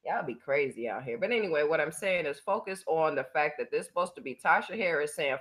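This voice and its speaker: Brief: woman vlog host, lowish voice, profane and mocking. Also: expressive, fairly quick, few pauses, fairly bright tone. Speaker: channel host. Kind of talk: casual commentary vlog.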